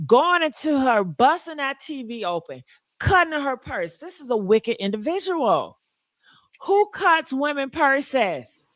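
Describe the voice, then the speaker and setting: A woman's voice: high-pitched, very animated, moderate pace, no room sound, clean studio sound. A woman hosting a casual gossip livestream, talking emphatically and repeating points for emphasis. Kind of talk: casual commentary.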